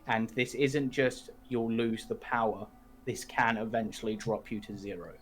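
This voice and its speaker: A man's voice: lowish voice, little pitch movement, moderate pace. A man narrating as game master for an online tabletop game, explaining rules steadily and laughing often. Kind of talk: running a tabletop game over voice chat.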